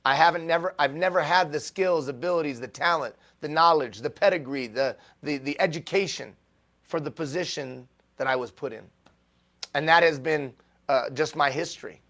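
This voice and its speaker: Animated man telling stories to a crowd. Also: fairly high pitch, moderate pace. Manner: animated storytelling with self-deprecating humor; repeats phrases for emphasis. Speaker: motivational speaker. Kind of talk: motivational keynote talk. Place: stage before a live audience.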